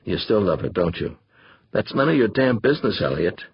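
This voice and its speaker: A bitter, cursing male biologist, as an audiobook narrator puts him on, speaks low and curt. His husky, breathy tone sits close and dry. The sound is a little dull. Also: sing-song, a little fast, no echo, exaggerated voice. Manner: curt, swearing, low and tired.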